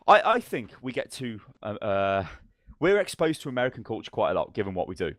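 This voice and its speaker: A man's voice: lowish voice, big pitch swings, brisk, fairly bright tone, dry recording, clean studio sound. A man co-hosting a podcast, telling long, rambling stories in casual chat. He swears freely and acts out the lines of the people in his stories. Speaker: podcast co-host.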